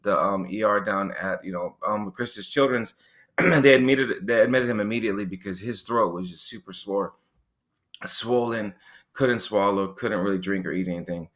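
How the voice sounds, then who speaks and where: A middle-aged man as a podcast guest, speaking haltingly with many pauses and throat clearing. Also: lowish voice, fairly bright tone. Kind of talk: casual interview.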